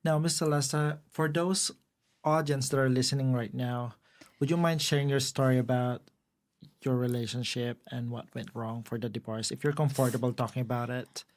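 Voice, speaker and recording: A man hosting an interview podcast, asking questions politely and encouraging his guest with soft affirmations. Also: mid-range voice, fairly even intonation, normal speed. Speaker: podcast host.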